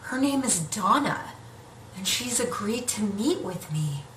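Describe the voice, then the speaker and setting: A woman in her thirties performing a solo theatrical story, swinging from hushed narration to frantic shouting, recorded on a stage. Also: mid-range voice, animated, unhurried, slight background noise. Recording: roomy echo, distant mic, faint ambience.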